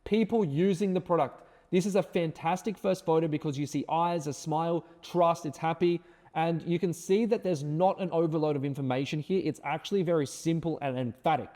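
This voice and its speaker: Male course instructor, emphatic and repetitive, mellow tone, fairly high voice, echoing room. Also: brisk. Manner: emphatic, repeats words, tag questions. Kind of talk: screen-share tutorial.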